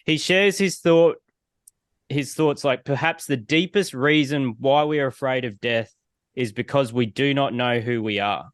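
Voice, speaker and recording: A man hosting a podcast interview, asking halting questions full of fillers. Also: medium pitch, no room sound, studio quality. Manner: halting, filler-heavy questions with "you know". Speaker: podcast host.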